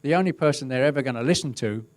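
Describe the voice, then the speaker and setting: A middle-aged man speaks at an ordinary pitch for a man. He talks through a webinar presentation about crowd safety. His storytelling is easygoing and wry, with a dry touch of humour. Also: very fast, darkish tone, no room sound. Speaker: crowd safety and event management specialist. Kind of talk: webinar presentation, telling an anecdote.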